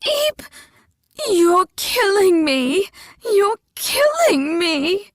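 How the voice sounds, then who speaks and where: A woman reading a storybook and voicing a frightened older woman patient who cries out in shrill panic. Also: sing-song, extremely slow, fairly bright tone, no room sound, clean studio sound, exaggerated voice. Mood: panicked.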